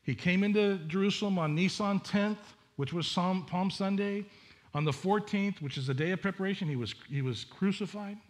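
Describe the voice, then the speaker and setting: A man's voice: sits high, normal speed. A male pastor preaching a sermon in an earnest, conversational way, often restarting his sentences. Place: church sanctuary.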